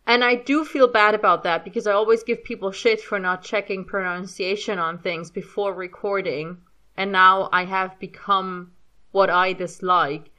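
German-accented woman, 30s, bright clear tone, chatty self-mocking commentary. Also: medium pitch, steady tone, normal speed. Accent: light German. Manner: chatty, self-deprecating, rambling with restarts. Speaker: fan audio reader. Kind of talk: casual spoken commentary.

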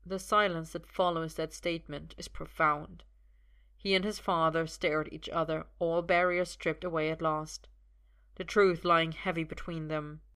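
Bright-voiced woman reading a story aloud. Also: sits low, fairly even intonation, normal speed, clear, resonant tone. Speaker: audiobook narrator. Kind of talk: dramatic fan-fiction reading.

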